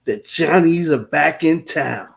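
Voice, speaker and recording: A man's voice: on the high side, takes it slowly, gravelly. A man on a casual chat show telling easygoing everyday anecdotes. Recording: dull lo-fi sound.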